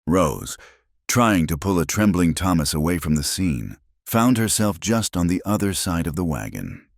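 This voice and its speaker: A man narrating a dramatic western story in a slow, measured, scripted style. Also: low voice, animated, no echo, clean studio sound.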